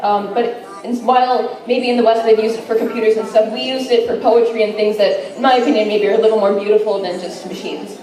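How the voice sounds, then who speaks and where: A woman's voice: on the high side, fairly even intonation, brisk, darkish tone. A woman giving an informal class presentation, enthusiastic and chatty, with frequent fillers. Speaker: student presenter. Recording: echoey room, mic far off.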